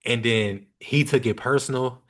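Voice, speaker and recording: A young man appears as a podcast guest, chatting casually and telling a story packed with slang and swearing. He speaks at a moderate pace with a medium pitch, in an animated, slangy manner that doesn't hold back on cursing.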